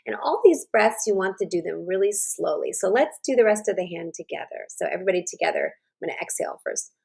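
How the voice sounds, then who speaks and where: A woman teaching self-regulation and guiding a slow breathing exercise, with a gentle, instructive manner. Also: on the low side, animated, gravelly, husky. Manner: gentle, instructive, checks in with "right?". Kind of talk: guided breathing lesson. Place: online summit stream.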